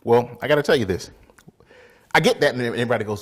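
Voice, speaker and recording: A man preaching in a storytelling way, animated, acting out other people's voices and laughing often. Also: medium pitch, fast. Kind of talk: storytelling sermon.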